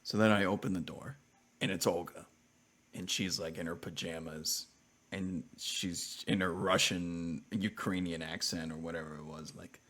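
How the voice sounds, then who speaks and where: Deep-voiced man telling a rambling story. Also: moderate pace. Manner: rambling, animated anecdote with self-interruptions. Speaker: live streamer. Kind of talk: casual storytelling chat.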